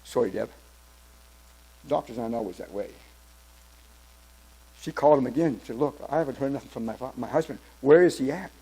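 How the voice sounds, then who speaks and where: A man in his seventies telling his personal testimony at church, in a halting storytelling way with many restarts. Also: mid-range voice, dark tone, breathy edge, low-quality recording. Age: 70s. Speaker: church member giving testimony.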